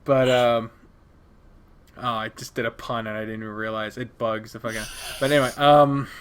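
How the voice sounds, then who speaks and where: A man's voice: medium pitch, fairly even intonation, normal speed, very noisy. A man chatting casually as a podcast guest, rambling and swearing, laughing often. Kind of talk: casual chat.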